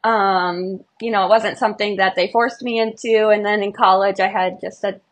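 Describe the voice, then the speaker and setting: A woman's voice: medium pitch, fairly even intonation, normal speed. A young woman, a marathon runner, speaking as a podcast guest in an earnest, emotional, bubbly way. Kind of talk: podcast interview.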